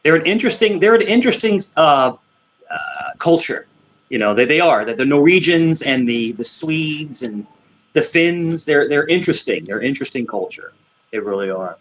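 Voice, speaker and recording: A man hosting a casual panel chat, rambling and repeating his words, quick to laugh. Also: a little high, lively intonation, a bit bright. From Italian heritage.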